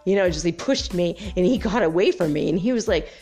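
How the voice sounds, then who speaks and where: A woman's voice: on the low side, a little fast, breathy edge, soft background music. Woman telling an intense personal story. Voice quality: emotional, animated retelling with laughs. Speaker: spiritual podcast host.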